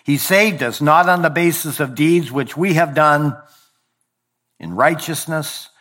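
A male pastor delivers a sermon to his congregation in a voice pitched a little above the usual. He preaches deliberately, slowing for emphasis and letting his phrases fall low at their close. Now and then he trips on a word and corrects himself. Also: fairly bright tone. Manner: occasional verbal slips and self-corrections.

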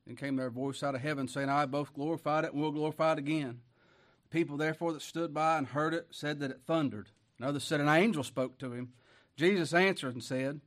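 A man preaching a sermon who reads scripture loudly and slowly, then drops to quiet asides and rhetorical questions in a folksy way. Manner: swings from loud, slow scripture reading to quiet, low asides.

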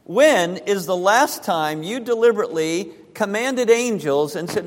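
A high-voiced man preaches at a slow, deliberate pace, stretching words for emphasis. He repeats key phrases to drive them home to his congregation. His voice carries the long echo of a church sanctuary. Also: expressive. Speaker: pastor. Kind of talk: sermon. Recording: church hall reverb.

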